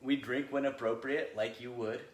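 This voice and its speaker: A man's voice: medium pitch, steady tone, normal speed, slight background noise. A man co-hosting a casual wine chat, loose and joking, laughing often. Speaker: winery co-owner podcast host. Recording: echoey room.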